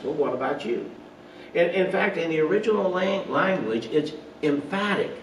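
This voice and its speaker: A man's voice: a little high, far from the mic, a little hiss or hum. A man giving an earnest online Bible study sermon, asking rhetorical questions and making small slips and asides. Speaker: pastor. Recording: roomy echo, voice off-mic, faint ambience.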